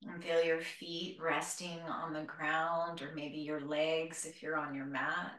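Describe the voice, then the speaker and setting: Gentle woman guiding a yoga class. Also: low-pitched, slow. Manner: calm, gentle instruction. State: a little out of breath. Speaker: yoga teacher. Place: group class in a room. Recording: roomy, from a distance.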